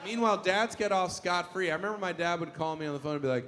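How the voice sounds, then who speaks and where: Brief: male stand-up, high and swooping voice, roaring crowd behind. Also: quick pace. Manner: exasperated, shouting outbursts. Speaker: stand-up comedian. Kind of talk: stand-up routine. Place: large comedy venue with audience. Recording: loud crowd and room noise.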